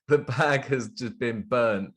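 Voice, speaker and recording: A man's voice: mid-range voice, slow, a bit bright, slightly rough. A man hosting a casual sports podcast, chatty and jokey, laughing often. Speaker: podcast host.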